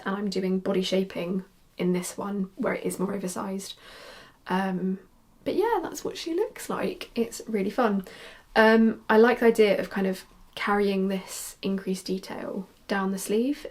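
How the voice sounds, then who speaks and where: Her mid-range voice is a little mellow as the young podcaster, a knitwear designer, chats about what she's knitting. She rambles casually, with lots of ums and restarted sentences.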